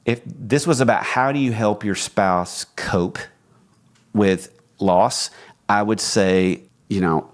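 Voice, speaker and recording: A man's voice: lowish voice, slow. A man co-hosting a podcast, speaking in casual conversation as a reflective storyteller who acts out quoted lines. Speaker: podcast co-host.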